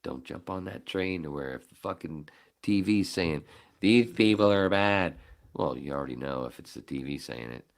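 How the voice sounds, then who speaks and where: A man hosting a podcast, telling a story casually with lots of swearing and acting out his own shouting. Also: rumbling low, normal speed. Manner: profane, animated, acts out his own shouting. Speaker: podcast host.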